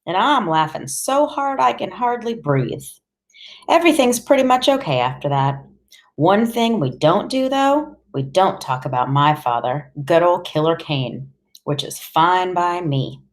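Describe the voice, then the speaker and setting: Low-voiced woman narrating an audiobook. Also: lively intonation, unhurried. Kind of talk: first-person audiobook narration.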